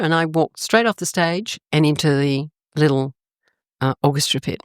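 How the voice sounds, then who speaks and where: An older Australian woman telling stories in a casual interview, animated and expressive, her pitch jumping up suddenly. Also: normal speed, no echo, studio quality. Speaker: guest.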